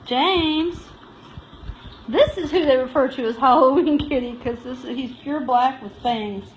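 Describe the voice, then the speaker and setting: A high-voiced, chatty woman volunteering at an animal shelter gives a casual live-stream tour of an indoor cat room. She is unhurried, coos baby-talk to the cats, and laughs often. The phone recording sounds muffled, with faint hiss and an echoey room.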